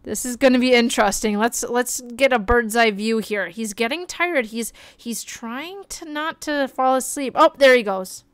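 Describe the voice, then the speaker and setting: A young woman streaming a life-simulation game, chatting excitedly and gushing over the characters as she plays. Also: on the high side, normal speed, few pauses, clean tone, no echo. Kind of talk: life-sim gameplay commentary.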